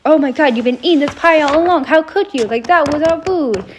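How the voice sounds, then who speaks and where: A woman's voice: high voice, fairly quick, slight background noise, voice pushed up, lightly acted. A woman voicing a small male mouse who accuses his friend. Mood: betrayed.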